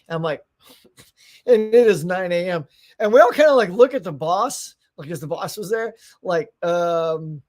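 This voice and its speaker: A man's voice: high-pitched, lively intonation, normal speed. Chatty, upbeat middle-aged man hosting a stream. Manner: chatty and upbeat, frequent laughs and restarts. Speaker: livestream host. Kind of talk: casual morning livestream chat, greeting viewers.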